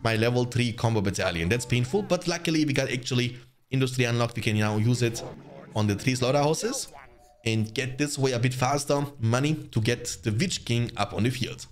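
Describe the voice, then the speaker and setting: Excitable young man commentating gameplay. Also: mid-range voice, a little fast, soft background music. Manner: chatty, excitable, talks to viewers as "guys". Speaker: gaming channel host.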